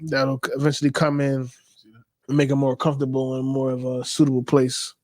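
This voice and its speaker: A man's voice: medium pitch, completely flat delivery, brisk, a little mellow, no echo. A man co-hosting a casual live podcast, talking in an earnest, reflective way. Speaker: podcast co-host.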